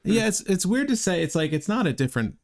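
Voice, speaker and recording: Man, gravelly voice, casual live-stream chat, halting restarts, co-host. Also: high-pitched, sing-song, a little mellow. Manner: halting, restarts often, chatty with audience. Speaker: co-host ranking game cards on a livestream.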